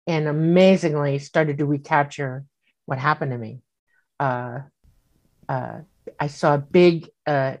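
A woman telling a personal story in casual speech, animated and acting out the voices she quotes, with many fillers. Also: low voice. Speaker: guest recounting an experience.

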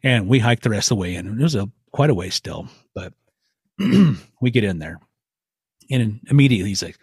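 A middle-aged man, a guest, telling a hunting story in a folksy, animated way and acting out quotes. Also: on the low side, moderate pace, breathy edge, dry recording, studio quality. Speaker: guest elk hunter.

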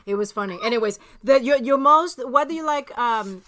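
A woman hosting a podcast, chatting casually and telling stories with lively quoted exchanges. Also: fairly high pitch, moderate pace. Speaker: podcast host. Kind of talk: casual chat.

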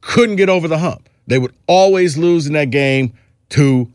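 A man's voice: on the high side, moderate pace, darkish tone, clean tone, no echo, studio quality. A man hosting a sports podcast, chatting casually and rambling through his points with frequent restarts. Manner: rambling, restarts, quotes others in a put-on drawl. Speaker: podcast host.

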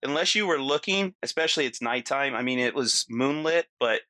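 Guy telling a wild story casually, acts out the quotes, bright voice, keeps saying you know. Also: medium pitch, expressive, fairly quick, dry recording.

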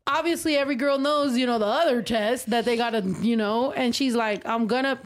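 A young woman co-hosting a casual chat, animated and profane, sometimes switching into Spanish mid-sentence. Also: on the high side, fairly quick.

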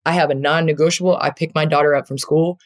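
Low-pitched and steady, she talks fast as an interview guest. She's a basketball player, earnest and reflective, using many fillers in a heartfelt, conversational interview.

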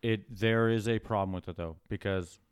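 A man's voice: lowish voice, fairly even intonation, moderate pace, clear, resonant tone, no room sound, studio quality. A man who runs a shop, talking in a casual podcast chat in a blunt, plainspoken way. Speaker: shop owner, podcast co-host.

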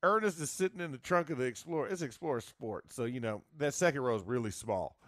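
A man chatting casually as co-host, telling lively stories and laughing often. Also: mid-range voice, fast, no echo, clean studio sound. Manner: animated storyteller, laughs often. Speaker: former football player, co-host. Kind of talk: casual sports chat.

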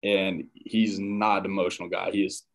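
Sitting low in pitch with a level tone, a man speaks at a normal speed as a podcast guest. He used to play college football, and here he casually shares a personal story, doing his parents' voices along the way.

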